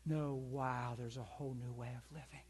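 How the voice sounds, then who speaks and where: A man's voice: medium pitch, fairly even intonation, normal speed, darkish tone, husky. A middle-aged man preaching a sermon in a conversational, storytelling way, calling out to his congregation.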